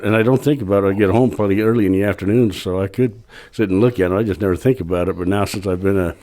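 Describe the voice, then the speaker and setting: A man's voice: lowish voice, racing, dark tone. A middle-aged man, a guest on a podcast, chatting in a friendly, self-deprecating way. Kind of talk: casual chat.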